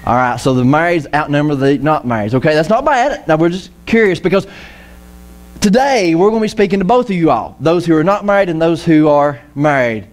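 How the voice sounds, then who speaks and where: Male pastor, casual church sermon, animated and joking, voice a touch high. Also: brisk. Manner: lively, jokey, acts out quoted voices. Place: church auditorium.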